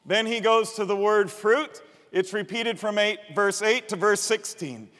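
A male pastor with a fairly high voice teaches his congregation from slides, lively and explaining as he goes. His voice carries a long reverb from a big hall. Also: a little slow. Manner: animated, explaining, invites congregation to repeat words.

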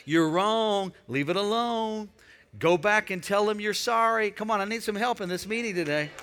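Preacher guy, high bright voice, gets loud and calls on the crowd, big hall reverb. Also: moderate pace. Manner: emphatic, building to shouts; calls on the congregation. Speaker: pastor. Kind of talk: sermon.

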